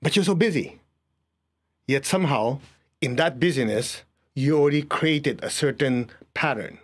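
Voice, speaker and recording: Man, energy healing teacher, husky voice, instructive, guiding a room through exercises. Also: medium pitch, a little fast. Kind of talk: guided group lesson.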